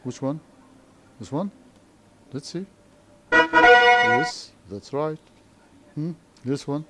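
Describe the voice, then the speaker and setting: A man with an Arabic accent teaching an English lesson, speaking slowly and checking understanding with repeated questions. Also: a little high, loud music behind the voice. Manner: slow, repetitive, frequent questioning tags. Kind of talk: classroom lesson explanation.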